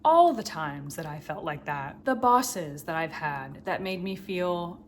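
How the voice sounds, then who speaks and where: A woman's voice: fairly low pitch, lively intonation, a little slow, slight background noise. A woman in her thirties talking to camera in a vlog, telling a personal story in a candid, emotional way with wry humor. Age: 30s. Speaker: vlogger. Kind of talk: confessional vlog monologue.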